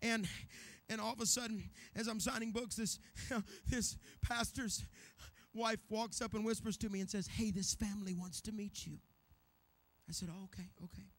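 High raspy preacher guy telling stories in church, acts out voices. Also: fairly even intonation, normal speed. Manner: dramatic, acts out voices, builds to shouting. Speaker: guest preacher. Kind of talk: revival sermon with storytelling.

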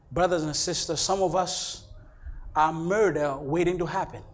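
A man preaches a sermon in a church with a high voice. He swings between loud, shouted lines and low, quiet ones. Along the way he acts out imagined members of the congregation. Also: normal speed. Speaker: pastor.

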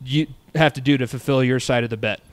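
A man hosting a sports podcast in a relaxed way, bringing in guests and steering the chat. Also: medium pitch, fast. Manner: easygoing, steering the conversation. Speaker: podcast host.

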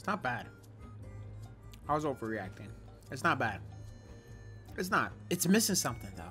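A man's voice: medium pitch, big pitch swings, normal speed, sharp tone, faint music behind. A young man reviewing food on his home vlog, casual and slangy, with big exaggerated reactions, recorded on a camera at home. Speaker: food-tasting vlogger. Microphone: camera or phone.

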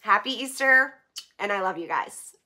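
Bright-voiced woman vlogger, tearfully grateful. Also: medium pitch, expressive, moderate pace. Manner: emotional, near tears, laughing through it; chatty, lots of fillers like "like" and "um". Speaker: vlogger opening donations. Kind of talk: casual vlog chat.

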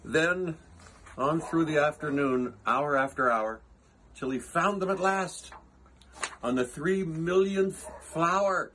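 Man, children's story reading, very slow, playful, slight hiss behind. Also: fairly high pitch, a bit bright. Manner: playful, unhurried, with musing asides. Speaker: reader.

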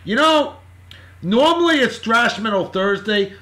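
A boisterous man hosting a casual vlog, giving shout-outs in rowdy slang and swinging between yelling and muttering. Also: very high-pitched, lively intonation, a little slow.

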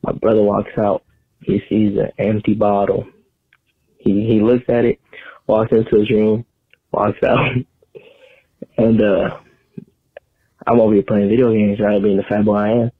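Gravelly man on a tinny voicemail. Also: on the low side, level tone, a little slow, pauses often, dry recording. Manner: rambling, self-mocking. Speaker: caller. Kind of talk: voicemail story.

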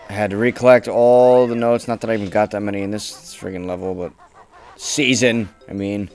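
A young man commentating his own gameplay casually, swearing often and bursting into frustrated shouts. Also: lowish voice, fairly even intonation, a little fast. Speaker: let's play gamer.

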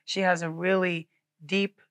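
A woman singer in her twenties from the United States, answering interview questions in a relaxed, offhand way, her voice tired and low from little sleep. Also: a little slow, dry recording. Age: 20s.

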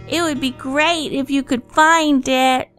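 A woman voicing a small child who softly asks for help. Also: high voice, steady tone, a little slow, faint music behind. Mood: plaintive.

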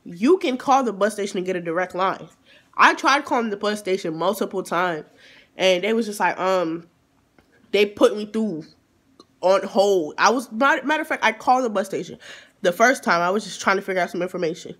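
A man vlogger recounts a story with animated, emphatic delivery. His pitch swings up when he gets exasperated. He speaks with lively energy and plenty of emphasis. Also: fairly quick. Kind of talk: storytime vlog.

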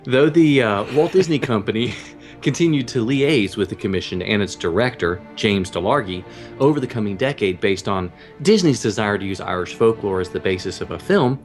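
A man's voice: fairly low pitch, lively intonation, normal speed, faint music behind. A man co-hosting a casual online show, teasing his partner and reading history notes in an easygoing way. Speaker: co-host. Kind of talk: casual podcast chat.

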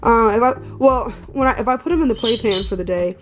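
A woman's voice: on the high side, quick pace, over music. Chatty woman rambling to her puppy. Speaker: vlogger, dog owner. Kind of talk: casual home vlog chat. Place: home, walking between rooms.

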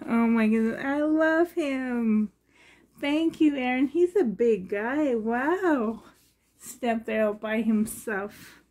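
Woman, gushing unboxing vlogger, very slow and husky. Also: high-pitched, mellow. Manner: gushing, breathy and delighted. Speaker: reborn doll collector. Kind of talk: unboxing vlog.

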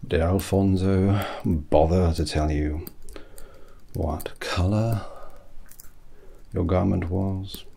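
A man voicing an eccentric, rambling British hat maker with a British accent in whispered role-play, soft and breathy, pompous and full of puns. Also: deep voice, steady tone, takes it slowly, pauses often, heavily acted. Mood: fussy. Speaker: milliner.

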